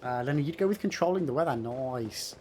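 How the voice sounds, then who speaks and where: A man's voice: medium pitch, expressive, a little fast, warm tone, a little hiss or hum. A young man streaming a game live, swearing freely and bantering with his chat between fights. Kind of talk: casual live commentary while playing and reading chat.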